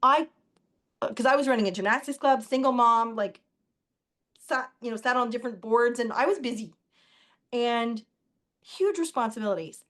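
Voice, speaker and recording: A woman guest on an interview show, telling stories in a chatty, animated way. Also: on the high side, normal speed, long pauses. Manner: animated, chatty, quotes others in dialogue. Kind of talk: casual interview storytelling.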